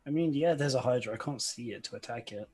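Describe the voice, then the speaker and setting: Husky hesitant player arguing rules. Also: male voice, mid-range voice, fast talker, a little mellow. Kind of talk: casual game table talk.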